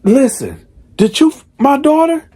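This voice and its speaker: A man voicing a frantic, disbelieving wife and mother who demands answers in a shrill, raised voice. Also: huge pitch swings, measured pace, mellow, heavily acted.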